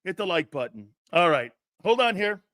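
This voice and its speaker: A man's voice: sits high, very animated, moderate pace, fairly bright tone, no echo, clean studio sound. A middle-aged man hosting a sports talk show, brash and profane, telling stories and putting on voices. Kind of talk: animated sports talk monologue.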